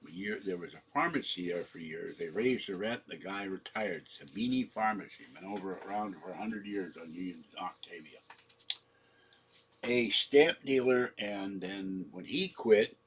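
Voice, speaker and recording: A channel host from San Francisco, a man in his seventies, tells a meandering personal story, trailing off and correcting himself, his throat sore from coughing. His voice sits low at a normal speed, with slight background noise.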